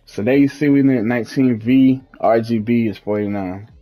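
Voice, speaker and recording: A young man hosts a casual gaming walkthrough from home at his fiancée's house, speaking at medium pitch and a moderate pace. The recording is muffled with faint music behind him, and his talk is laid-back and slangy, trailing off as he thinks.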